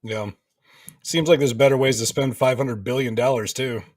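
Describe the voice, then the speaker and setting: A man's voice: mid-range voice, steady tone, moderate pace, a little mellow, no echo, studio quality, distant mic. A man on a video call talking emphatically and rambling, with lots of fillers, in a casual panel chat. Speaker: co-host.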